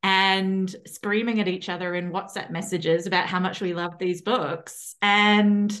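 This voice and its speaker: A woman hosts a chatty podcast. Her voice sits at an ordinary middle pitch. She talks excitedly, swears freely and laughs easily. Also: a little slow. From New Zealand. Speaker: podcast host. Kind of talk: casual podcast chat.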